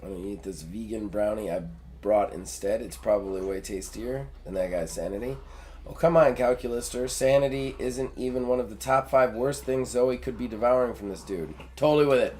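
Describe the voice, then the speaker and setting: A man's voice: on the low side, brisk, a little mellow, slight background noise. A man co-hosting a game stream, chatting casually, joking, laughing often, and reading game text aloud dramatically. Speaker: let's play co-host.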